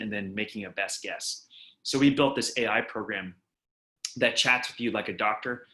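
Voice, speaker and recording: A man in his thirties, a company founder, explaining his product quickly and fluently in a video call interview with frequent restarts. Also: lowish voice, sharp tone, roomy sound. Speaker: startup founder and CEO.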